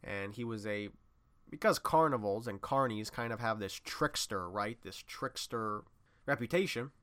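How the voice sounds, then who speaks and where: A man hosting a casual monologue, rambling through a story and swinging from low muttering to loud excited bursts. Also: a little slow.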